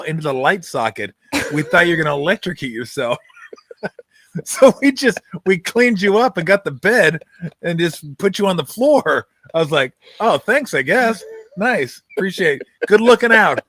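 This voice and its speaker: Casting: middle-aged male sports host, slightly high voice, dry close mic, loose storyteller. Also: no room sound. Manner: storytelling, jokey, animated retellings. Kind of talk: casual chat. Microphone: streaming call mic.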